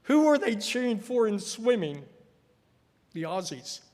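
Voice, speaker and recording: High-voiced man preaching in an echoey hall. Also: very animated, a little slow, a little mellow. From United States. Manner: storytelling, acts out quoted voices. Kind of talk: sermon. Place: church hall.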